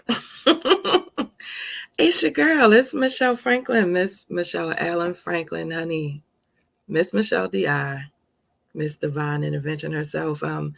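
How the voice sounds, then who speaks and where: A woman hosting a casual live stream, talking in a lively, playful and encouraging way with drawn-out emphasis, recorded on a phone. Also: low voice, vocal fry, husky, dry recording.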